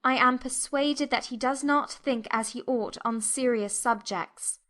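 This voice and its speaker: Shy timid young lady, read by a woman, hesitant, quite high voice, old-novel audiobook. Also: measured pace, fairly bright tone. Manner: hesitant and self-doubting. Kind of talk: audiobook reading of a classic novel.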